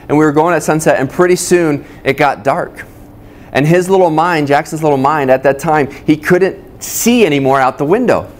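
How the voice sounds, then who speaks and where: A male pastor preaching a sermon at a church service that is also streamed online, talking conversationally and addressing his listeners directly. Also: on the high side.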